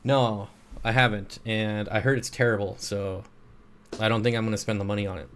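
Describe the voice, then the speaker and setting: Reading viewer questions aloud, a sleep-deprived man hosts a casual livestream and answers them in a relaxed, rambling way. His voice sits on the low side, steady and a bit bright, and he talks fairly quickly into a streaming mic.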